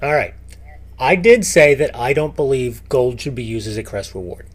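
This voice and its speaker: A man talking as a guest on a casual podcast, animated and emphatic, often restarting his sentences. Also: medium pitch, normal speed.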